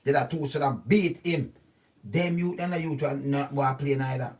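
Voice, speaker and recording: A man with a Jamaican accent giving casual, animated commentary on a news story, often stopping to ask "see?". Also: medium pitch, normal speed. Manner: animated, repetitive, keeps asking "see?". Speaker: channel host. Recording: voice distant from the mic.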